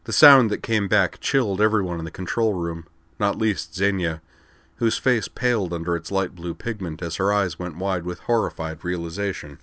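A man narrating a sci-fi audiobook in an even, measured reading. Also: deep voice, dry recording.

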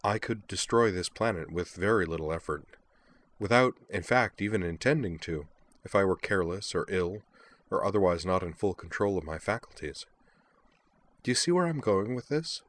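A man reading the gentle, firm lines of a powerful goddess in a story. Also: medium pitch, lively intonation, fairly quick, hardly any pauses, pitched above the performer's own voice, natural voice. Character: calm, kind, powerful goddess woman.

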